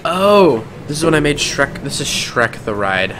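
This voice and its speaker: A man's voice: mid-range voice, animated, moderate pace. A young man from Ohio with an Ohio accent, chatting and rambling casually while streaming a coaster simulator, laughing often. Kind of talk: casual live-stream commentary. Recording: loud background noise.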